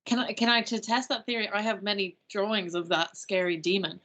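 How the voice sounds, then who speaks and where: A woman playing a tabletop game, chatty and eager, with halting fillers. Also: medium pitch, a bit bright. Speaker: player. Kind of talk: casual tabletop game chat.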